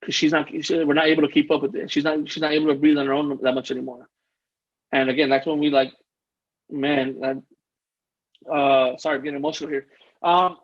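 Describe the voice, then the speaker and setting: A man's voice: on the high side, little pitch movement, a little fast, long pauses, muffled recording. A man telling a personal story as a podcast guest, earnest and rambling, often restarting his sentences. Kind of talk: casual interview storytelling.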